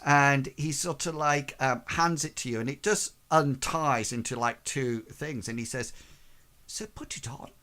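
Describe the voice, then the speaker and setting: A man's voice: medium pitch, measured pace, hardly any pauses, sharp tone. Rambling man running a tabletop game. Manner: rambling, full of "sort of, like" fillers. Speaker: game master.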